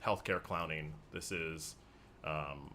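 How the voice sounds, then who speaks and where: A man with a very low voice, chatting as a podcast guest. He tells his stories in an animated, casual way and laughs often. A faint hiss sits under his voice. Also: takes it slowly. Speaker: podcast guest, hospital clown. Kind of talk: casual conversational storytelling.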